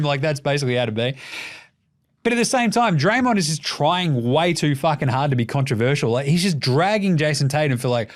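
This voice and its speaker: With a fairly high, expressive voice and brisk delivery, a young Australian man rants on his basketball podcast. The commentary is casual, heavy on swearing and sarcastic humor.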